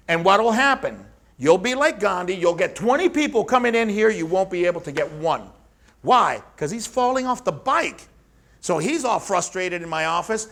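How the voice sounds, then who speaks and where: Energetic man coaching trainers, lively pitch. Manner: blunt, energetic, acts out sales dialogues. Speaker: fitness coach instructor. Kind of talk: teaching a seminar.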